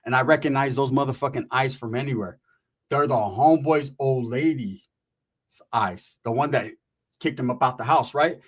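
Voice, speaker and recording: At a normal speed and medium pitch, a Northern California man recounts a wild personal story in profane, casual street slang dotted with Spanish words. He's animated throughout, acting out the people he describes.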